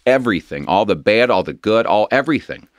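A middle-aged man with a lowish, expressive voice earnestly recounts his own recovery, rambling candidly with restarts and quick laughs. He sounds emotional, and the studio-quality recording has no echo.

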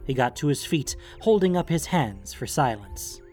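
A man narrating a fantasy audiobook with expressive storytelling. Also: mid-range voice, moderate pace, soft background music. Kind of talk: scripted narration.

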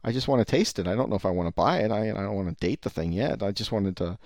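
A man's voice: on the low side, animated, fast, darkish tone, no echo, clean studio sound. A man voicing a crude, blunt adult male shop customer who swears indignantly in a raised voice. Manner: profane and indignant.

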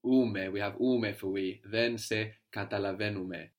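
A man's voice: fairly low pitch, fairly even intonation, moderate pace. Patient man teaching a language. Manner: patient, prompting, explains word roots. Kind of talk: guided language lesson.

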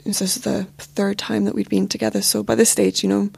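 A young woman recounts a painful relationship story in a candid, halting way, peppered with "like" and "you know". Her voice sits at a middle pitch with a noticeable gravelly fry. The sound is close and dry, with no room echo. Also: level tone, darkish tone. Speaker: podcast guest. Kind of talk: personal storytelling.

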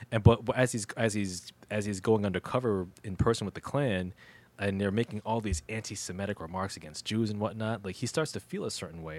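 A man talking through a film on a casual podcast. His voice sits on the low side. He rambles, restarts sentences and leans on slang as he goes. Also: fairly quick, darkish tone. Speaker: podcast co-host. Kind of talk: casual movie review chat.

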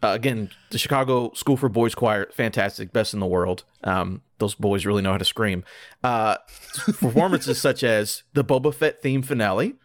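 Male podcast co-host, deadpan ad-read style, dry close recording. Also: lowish voice, moderate pace, no echo. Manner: dry, deadpan delivery of absurd sponsor copy. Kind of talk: comedic podcast banter, deadpan ad reads.

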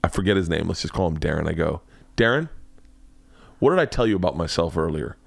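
Excitable storytelling man, dry close sound. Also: low voice, very fast, creaky, no echo. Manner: loud, excitable, acts out quotes, swears a lot. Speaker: podcast host, comedian. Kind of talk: animated storytelling. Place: home studio, man cave.

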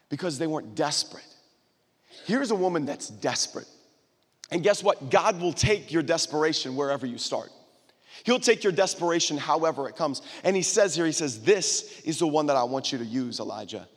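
Animated preacher in a reverberant hall. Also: male voice, on the high side, slightly rough. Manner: emphatic, repeats call-and-response phrases to the crowd. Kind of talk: sermon.

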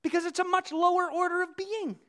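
A man giving a sermon in a conversational preaching style, telling vivid everyday illustrations and swinging between hushed and loud delivery. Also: very high-pitched, flat delivery, a little fast. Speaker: pastor.

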